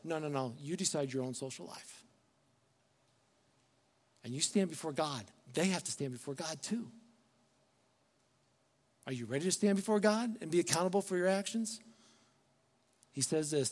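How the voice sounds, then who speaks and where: A male pastor delivers a sermon in a high voice, talking to the congregation conversationally and pressing his points with rhetorical questions. His voice rings with the long reverb of a large hall. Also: expressive, moderate pace, long pauses, darkish tone.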